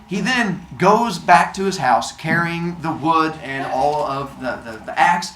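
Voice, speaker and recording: A man's voice: a little high, expressive, measured pace, a bit bright. A man casually and playfully retelling a myth for laughs, adding silly sound effects, recorded in a roomy space. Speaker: storyteller.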